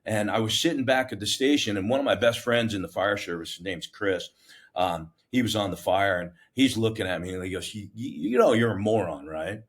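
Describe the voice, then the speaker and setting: Middle-aged man, lowish voice, fire captain telling stories, blunt and self-mocking, restarts a lot. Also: brisk. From United States. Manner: animated, self-mocking, plain-spoken with many restarts. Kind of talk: casual interview storytelling.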